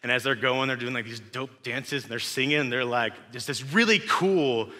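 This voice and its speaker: Bright-voiced West Texan preacher, reverberant hall. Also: male voice, mid-range voice, normal speed. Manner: casual, chatty preaching with asides to the congregation. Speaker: pastor. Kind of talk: sermon. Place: church sanctuary. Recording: long reverb of a church hall.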